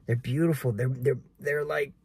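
Young man, earnest casual preacher, mellow husky voice, talks straight to viewers. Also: mid-range voice, steady tone, normal speed. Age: 20s. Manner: earnest, keeps addressing viewers as guys. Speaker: realtor vlogger.

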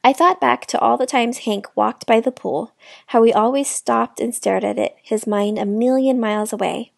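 Gravelly woman reading a children's book. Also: on the high side, steady tone, normal speed, dry recording, studio quality. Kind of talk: read-aloud narration.

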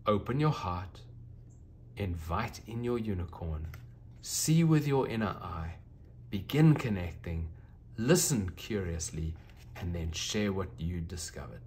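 A man reading a children's storybook aloud, gentle and expressive. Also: sits low, measured pace, a little hiss or hum.

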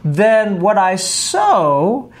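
A middle-aged man, a pastor hosting a morning devotional radio show, talking in a cheerful, energetic, preacherly way. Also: sits high, drawn-out words. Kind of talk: upbeat devotional radio chat.

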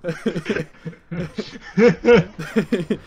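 A man's voice: sits high, very slow, a little mellow, a little hiss or hum. A man in a comedic persona on a random video chat, talking in a brash, profane way as he grills strangers from a computer microphone. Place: indoors at a desk.

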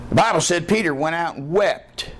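A man with a high, lifted voice preaches an evening sermon. He talks in a folksy way and punctuates his points with "Amen". His questions go out to the congregation, and a faint hum sits under his words. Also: moderate pace, a bit bright. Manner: folksy preaching with frequent "Amen" call-outs. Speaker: pastor. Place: church service with a responding congregation.

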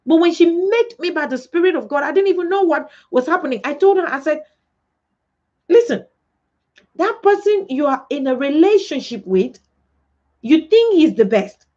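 High-voiced woman preaching emphatically. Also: lively intonation, moderate pace, mellow. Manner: emphatic preaching with rhetorical questions and acted-out quotes. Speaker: pastor. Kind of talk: sermon. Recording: dull lo-fi recording.

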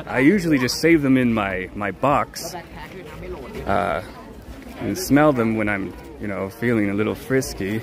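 A man's voice: on the low side, measured pace, gravelly. A man streaming live on his phone, walking an outdoor night market and joking theatrically. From United States. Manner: playful, theatrical and jokey. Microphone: handheld phone. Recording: phone mic with loud street crowd. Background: busy crowd chatter.

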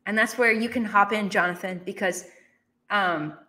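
A woman telling a personal story in a conversational interview, with animated, emphatic delivery. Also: mid-range voice, moderate pace. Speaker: guest. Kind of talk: storytelling in a podcast chat.

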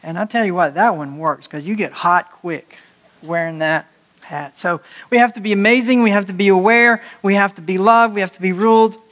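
A male pastor preaching a conversational sermon to his congregation, animated and joking, laughing at his own slips of the tongue. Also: sits high, moderate pace. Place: church sanctuary before a congregation.

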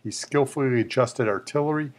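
A man reading an official citation aloud in a measured, formal way. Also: medium pitch.

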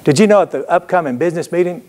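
A man preaching with a drawl, his voice sitting a little high for a man. He spins homespun stories and keeps checking in with the congregation. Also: rapid-fire, darkish tone. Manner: folksy storytelling with call-and-response asides. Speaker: pastor. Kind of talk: sermon.

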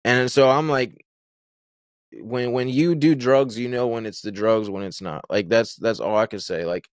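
A man's voice: mid-range voice, steady tone, normal speed, dry recording, studio quality. A young man telling a personal story in a casual, rambling way, with many restarts and fillers. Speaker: guest telling his story.

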